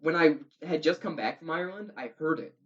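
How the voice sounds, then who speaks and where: A young man from the Midwest trades crude jokes in a laid-back podcast chat. His voice sits a little high, and the sound is dull and lo-fi. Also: a little fast, fairly bright tone. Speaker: podcast co-host. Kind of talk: casual comedic chat.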